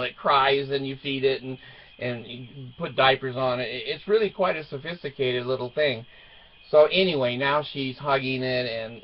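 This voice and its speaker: A middle-aged father telling a family story as a casual monologue, wry and joking, chuckling as he goes. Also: medium pitch. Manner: wry and joking, chuckles through his stories. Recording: dull lo-fi recording.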